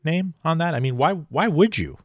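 Higher-voiced male podcast host, dry sound. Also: expressive, no echo. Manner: brisk plugs, then rambling musing questions. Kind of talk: podcast hosting and interviewing.

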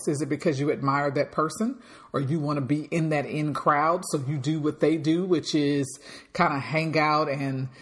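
A woman hosting a motivational podcast, talking in an emphatic, projecting way. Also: low-pitched. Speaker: podcast host.

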